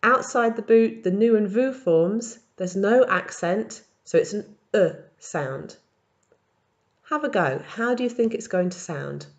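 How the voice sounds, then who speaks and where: A woman teaching in a recorded language tutorial, explaining verb patterns step by step and modelling each form slowly. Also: mid-range voice, expressive, highs cut off. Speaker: French teacher.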